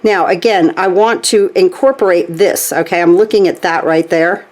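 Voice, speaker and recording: A woman with a slightly low voice walks through a stitching craft at her table. She talks in a chatty, easygoing way and keeps checking in with the viewer as she goes. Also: steady tone, normal speed. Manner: chatty, frequent "okay?" check-ins. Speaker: craft tutorial host. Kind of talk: hands-on craft demonstration.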